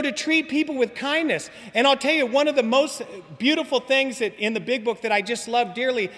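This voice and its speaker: A man speaking at a recovery meeting, telling personal stories in an animated, slangy way. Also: very high voice. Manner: animated storytelling with slangy asides. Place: meeting hall. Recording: long hall reverb.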